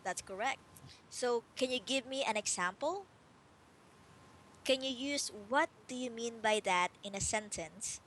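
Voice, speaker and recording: A woman teaches English over a video call, her voice sitting a little high as she talks at a slow, unhurried pace. She explains patiently and leans on fillers. A faint hiss of call noise runs underneath. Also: a bit bright. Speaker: online English tutor. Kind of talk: one-on-one English lesson.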